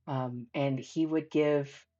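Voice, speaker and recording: A woman narrating as game master of a tabletop role-playing session, relaxed and halting with fillers. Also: a bass voice, dull audio.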